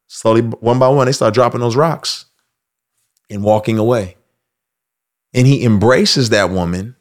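A man hosting a casual commentary monologue, animated, acting out quoted voices with loud outbursts. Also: medium pitch, moderate pace, long pauses. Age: adult. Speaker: host.

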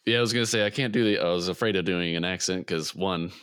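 A man's voice: deep voice, fast talker, a bit bright, clear, resonant tone, dry recording, studio quality. A man hosting a podcast in casual chat, a little hesitant and often repeating words as he starts. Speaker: podcast host.

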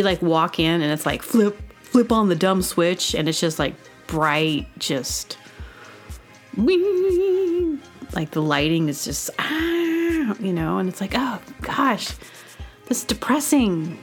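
A woman's voice: fairly low pitch, big pitch swings, slow pace, soft background music. A woman hosting a show, talking in a casual, meandering monologue full of fillers and silly asides. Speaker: host.

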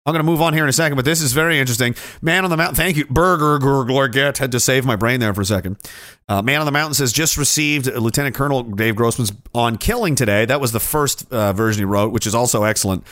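A man hosting a casual livestream who rambles through viewer comments, cynical and quick to swear. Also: mid-range voice, fairly bright tone, dry recording. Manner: rambling, profane and cynical, with frequent restarts.

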